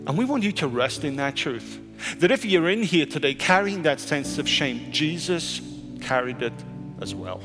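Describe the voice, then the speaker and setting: A male pastor preaching a sermon, moving between urgent raised questions and quiet, hushed statements. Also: fairly high pitch, animated, normal speed. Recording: church hall reverb with soft music.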